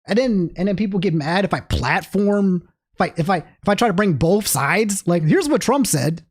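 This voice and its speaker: A livestreaming man with a high voice speaks at a moderate pace, chatting casually with his audience. His rambling stream commentary is marked by frequent restarts and animated asides to chat.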